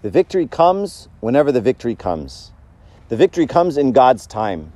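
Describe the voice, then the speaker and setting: A man's voice: medium pitch, sing-song, normal speed, mellow, no room sound. A man giving a casual, conversational sermon, joking and asking the audience questions. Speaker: church speaker.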